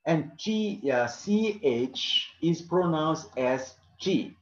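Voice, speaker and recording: A man teaching English pronunciation to a class, repeating each example word slowly, in non-native English with small grammar slips. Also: on the high side, animated. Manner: repeats words slowly to model them. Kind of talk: classroom lesson. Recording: roomy, dull-sounding classroom recording.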